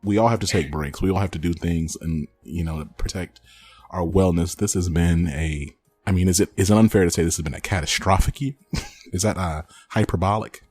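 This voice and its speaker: A man's voice: deep voice, brisk, a little mellow, breathy edge. A man hosting a podcast, chatting casually and teasing his co-host with frequent laughs. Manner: playful, teasing, laughs often.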